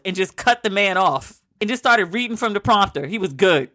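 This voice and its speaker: A woman hosting a casual commentary podcast, ranting in an animated, sarcastic way with plenty of profanity. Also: mid-range voice, normal speed. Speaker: podcast host.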